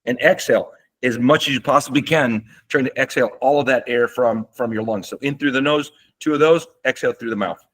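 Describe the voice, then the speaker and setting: A man, a doctor, explaining breathing and relaxation techniques in a relaxed webinar lecture, with fillers and restarts, seated at a desk. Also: medium pitch, a little fast.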